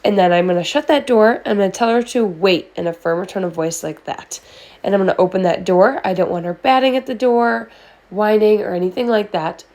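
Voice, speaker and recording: A woman dog trainer narrates her methods in a friendly, methodical voice-over, her medium-pitched voice brisk and a little mellow. She walks through each step plainly, as though coaching a new owner.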